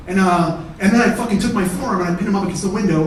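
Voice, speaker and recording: A man doing stand-up comedy, telling a profane story and shouting out the heated parts. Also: sits high, rapid-fire, few pauses, crowd noise. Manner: profane, escalates to shouting in acted-out arguments. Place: theatre stage before a live audience. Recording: echoey theatre, mic at a distance.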